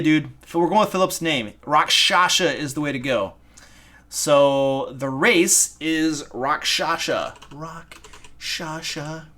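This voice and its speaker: A man from Michigan with a Michigan accent, hosting a casual live stream as a dungeon master, excitable, goofy and self-deprecating. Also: high-pitched. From Michigan, USA. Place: home room.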